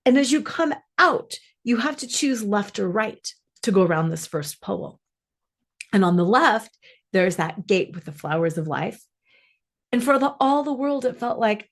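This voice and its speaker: A woman's voice: medium pitch, expressive, unhurried, vocal fry. A middle-aged woman, a coach and podcast host, telling a personal travel story in an earnest, reflective, spiritual way.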